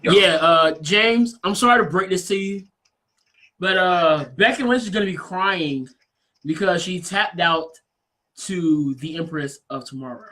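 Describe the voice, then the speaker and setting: Wrestling show co-host guy, high bright voice, loud and teasing, lots of ribbing. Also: unhurried. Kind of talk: casual trash-talk banter.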